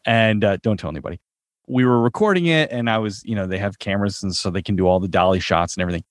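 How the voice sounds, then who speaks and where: Chatty, animated storyteller man. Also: fairly low pitch, quick pace, no echo, clean studio sound. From Chicago suburbs, US Midwest. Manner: animated storyteller, laughs while talking. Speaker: actor, interview guest. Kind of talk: casual interview.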